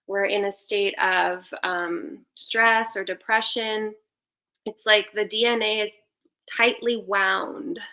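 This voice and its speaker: Woman, bright clear voice, casual spiritual talk, meandering, lots of fillers. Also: mid-range voice. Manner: meandering, many fillers and restarts. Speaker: spiritual guest speaker.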